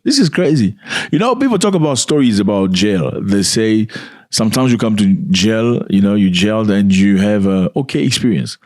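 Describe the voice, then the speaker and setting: A man's voice: lowish voice, expressive, normal speed, darkish tone, dry recording, studio quality. A man giving casual video commentary, speaking conversationally and often putting questions to the viewer.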